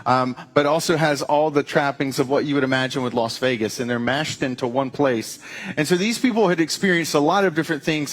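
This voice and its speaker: Conversational male pastor, slightly high voice. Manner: conversational, animated, with playful asides. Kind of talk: sermon.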